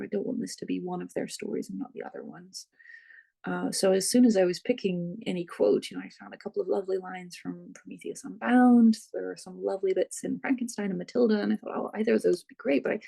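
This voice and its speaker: A very gravelly, husky voice with a mellow, dark tone, belonging to an author in an interview. They speak reflectively and unhurriedly, stopping often with soft fillers as they hunt for the right phrase. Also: mid-range voice. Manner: thoughtful, searching for words, many fillers. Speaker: author, guest.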